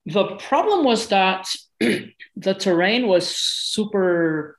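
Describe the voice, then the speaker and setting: A man from Europe, a guest telling a story in a casual, halting way, often repeating words and restarting. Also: high voice, animated, poor audio.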